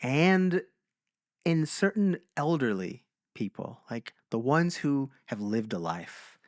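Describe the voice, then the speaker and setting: A man co-hosting a podcast, telling stories in a casual chat and slowing down for emphasis. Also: medium pitch, no room sound, studio quality. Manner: animated storyteller, slows for emphasis. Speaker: podcast co-host.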